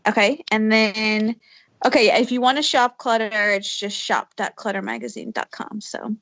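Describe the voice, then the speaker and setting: A woman's voice: on the high side, steady tone, normal speed, creaky, fairly bright tone, no room sound. A woman co-hosting a podcast, chatting in an easygoing, giggly way. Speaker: podcast co-host. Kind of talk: casual chat. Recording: dull, dry lo-fi audio.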